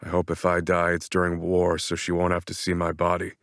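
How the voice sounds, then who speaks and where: A male audiobook narrator with a very low, smooth, resonant voice. He reads first-person narration in a steady, earnest way. The sound is close and dry, as from a studio microphone. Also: fairly quick, no echo.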